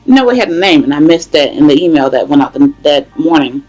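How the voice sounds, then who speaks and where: A young woman, giving a casual devotional talk, conversational and animated, often calling out to listeners. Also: deep voice, brisk, soft background music, rough recording. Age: young adult. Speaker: devotional host.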